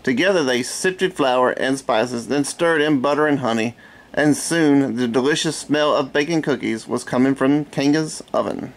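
A middle-aged man reading a children's storybook aloud in a relaxed way, with chatty asides. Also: mid-range voice, normal speed.

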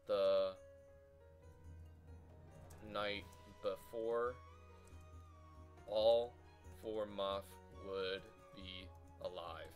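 A young man swearing and ranting furiously as he comments on his own gameplay, breaking into shouted insults. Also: on the low side, steady tone, very slow, pauses often, faint music behind. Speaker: gaming channel host.

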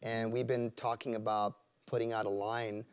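A man, a rock band frontman, chatting as a guest in an interview, enthusiastic and warm, leaning on fillers. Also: fairly low pitch, little pitch movement, moderate pace, smooth. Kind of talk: casual interview chat. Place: studio, for a live web broadcast. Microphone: studio microphone.

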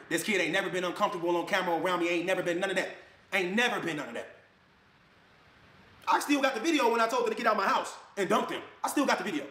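Man, high fast voice, heated rant, echoey room. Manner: fired up, swings between loud jabs and low mutters, mocks others' voices. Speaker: online video creator.

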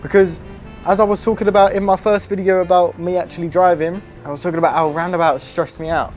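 A young man with a British accent chatting casually over his driving game, excitable and prone to yelps and swearing. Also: high voice, fast talker, faint music behind. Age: young adult. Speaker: gaming YouTuber. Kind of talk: casual gameplay commentary.

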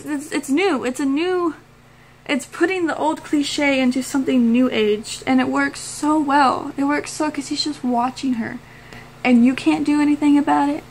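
A woman's voice: sits high, a little slow, slight background noise, low-quality recording. A woman vlogger chatting casually and enthusiastically, gushing and laughing often. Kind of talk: casual movie-review chat.

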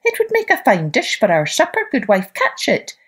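A woman doing an excited greedy tailor. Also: on the high side, normal speed, husky, full character voice. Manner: excited, bossy calls.

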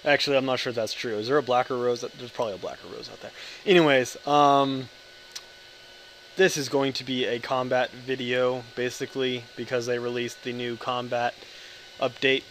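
A man's voice: medium pitch, fairly even intonation, moderate pace, a bit bright, slight background noise. American dude in his 20s rambling over gameplay, hyper, swears a lot, cuts himself off and keeps joking around. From United States. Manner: hyper, joking, profane, self-interrupting. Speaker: gaming video creator.

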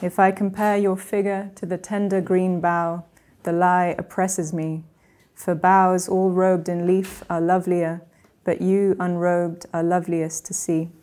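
A woman reading the lines of a lusty, bewildered male porter in a story, with a measured, understated voice. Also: fairly low pitch, level tone, warm tone, close to an everyday voice. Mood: reciting verse.

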